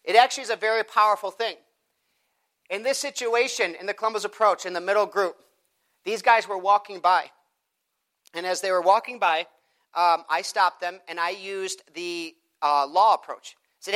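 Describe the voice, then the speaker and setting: A man teaching a group how to evangelize, acting out street conversations in his lively teaching talk. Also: sits high, moderate pace. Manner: animated, acts out both sides of conversations.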